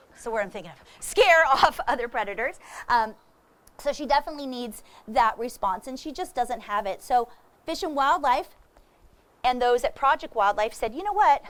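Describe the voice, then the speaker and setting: Lively high-voiced woman wildlife educator. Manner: animated, laughing, talks to the audience directly. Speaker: wildlife educator with animal ambassadors. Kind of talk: lively presentation to kids.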